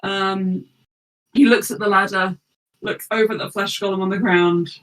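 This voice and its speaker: A woman's voice: medium pitch, fairly even intonation, normal speed, fairly bright tone, distant mic, poor audio. A woman narrating as game master for a tabletop game, chatty and giggly.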